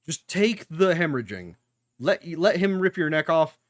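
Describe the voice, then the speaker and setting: A man's voice: a little high, very animated, normal speed, no echo, clean studio sound. A young man giving casual reaction commentary while watching anime, talking back to the screen with jokes and swearing.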